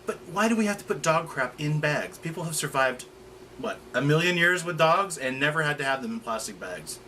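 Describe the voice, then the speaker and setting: A man's voice: on the high side, animated, brisk, pushed and bright, slight background noise. A man co-hosting a casual chat over drinks, complaining in a blunt, exasperated way. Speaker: co-host.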